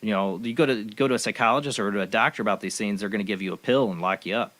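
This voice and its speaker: A man's voice: fairly low pitch, rapid-fire, fairly bright tone. A man hosting a talk show, speaking earnestly in casual chat and rambling through his thoughts with many fillers. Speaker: host.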